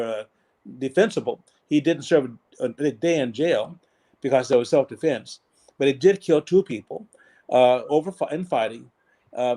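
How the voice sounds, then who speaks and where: A man in his seventies, a pastor and podcast guest, telling a personal story in an earnest, measured way that slows down for emphasis. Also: on the high side, mellow. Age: 70s.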